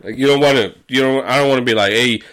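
A man's voice: medium pitch, racing, fairly bright tone. A young man co-hosting a casual podcast, bantering loosely and swearing often. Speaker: podcast co-host.

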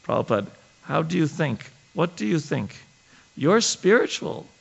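A sweet, innocent young woman, put on by a man who lifts his voice well above its usual pitch, asking her teacher eager, earnest questions. The voice keeps a faint gravelly edge underneath the innocence. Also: very animated, moderate pace, muffled recording, exaggerated voice. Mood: earnest questioning.

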